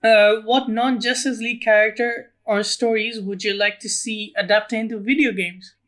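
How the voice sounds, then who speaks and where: Bright-voiced podcast co-host. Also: medium pitch, little pitch movement, normal speed. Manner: brief, question-led, reads prompts. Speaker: podcast co-host asking the questions. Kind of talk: casual film podcast chat.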